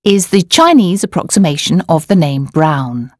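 A woman narrating a scripted language course, explaining words and tones in a clear, measured way. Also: sits low, very animated, darkish tone, dry recording. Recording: dry studio voice-over.

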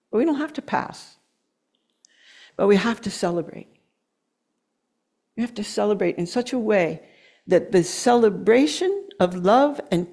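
A middle-aged woman giving an earnest, emotional sermon, slowing down to press her points and laughing at herself now and then. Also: fairly high pitch, warm tone. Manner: earnest, emotional, with slow emphatic stretches and laughs. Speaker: guest speaker.

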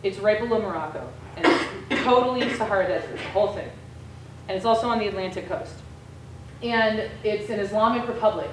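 Animated woman lecturing in an echoey room. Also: mid-range voice, distant mic, slight background noise. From United States. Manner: animated storyteller, casual and frank with mild swearing. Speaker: guest lecturer. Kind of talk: storytelling lecture to a class.

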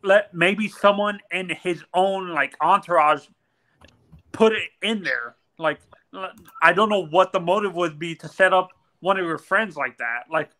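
Guy on a podcast panel, high bright voice, keeps going "like", insistent. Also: unhurried. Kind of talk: casual podcast discussion.

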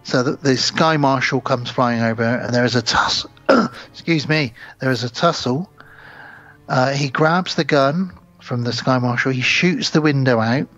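A man's voice: mid-range voice, normal speed, fairly bright tone, no echo, soft background music. Guy on a film podcast recapping the plot, doing little voices for the characters, dry lo-fi sound. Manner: retells plots at length, acting out characters' lines. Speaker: podcast co-host. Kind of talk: casual film recap chat.

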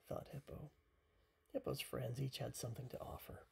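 A parent reading a picture book aloud at bedtime, softly and half-whispered. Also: mid-range voice, big pitch swings, creaky, slightly rough. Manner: soft, half-whispered, unhurried.

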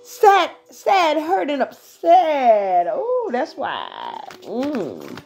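High, laughing profane woman vlogger. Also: drawn-out words, creaky, a little hiss or hum. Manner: profane, laughing, animated, breaks into song. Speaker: spiritual vlogger. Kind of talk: casual spiritual pep talk to viewers.

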